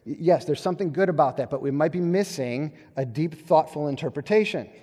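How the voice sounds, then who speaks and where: Conversational pastor in a reverberant hall. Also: male voice, fairly high pitch, a little fast. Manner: conversational and animated, acting out quoted voices; self-deprecating humor. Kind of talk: sermon.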